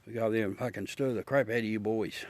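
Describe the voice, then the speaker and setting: A fairly low, steady voice moving at a quick pace, with no room sound, belongs to a middle-aged Australian livestream host. He chats casually and bluntly with viewers, swearing and calling everyone mate.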